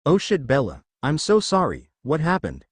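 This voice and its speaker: A man's voice: fairly high pitch, huge pitch swings, moderate pace, breathy edge, no room sound, exaggerated voice. A man reading the lines of a sarcastic, icy young woman in an audiobook.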